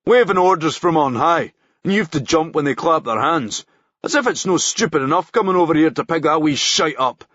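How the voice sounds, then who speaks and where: A man's voice: on the high side, expressive, brisk, a bit bright, no echo, lo-fi sound, voice pushed up. A man reading a novel aloud, voicing a harassed middle-aged police guard who grumbles in an exasperated way. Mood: grumbling.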